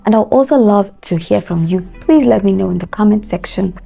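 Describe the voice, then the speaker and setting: Woman, pronunciation coach, slow deliberate drilling, gravelly edge, mellow tone, faint music behind. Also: mid-range voice. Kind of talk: pronunciation lesson.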